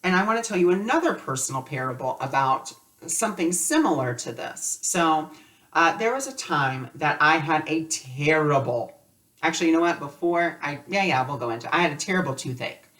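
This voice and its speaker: Relaxed man, chatty spiritual teacher. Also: on the high side, fairly quick, distant mic. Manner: loose, conversational, with frequent "like" fillers. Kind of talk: casual spoken lesson with personal stories.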